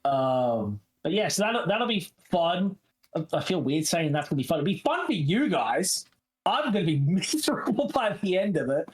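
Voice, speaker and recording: A man with a slightly high voice chats loosely as a player in a tabletop game. He rambles, jokes at his own expense and swears casually. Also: big pitch swings, moderate pace. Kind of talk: casual chat.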